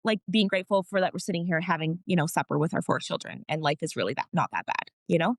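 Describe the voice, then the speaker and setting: A woman's voice: on the low side, fast, no room sound, studio quality. A woman guest on a podcast, telling family stories frankly and with feeling, now and then swearing mildly. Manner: emotional storytelling, frank with mild swearing. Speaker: podcast guest, wellness practitioner. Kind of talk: casual interview chat.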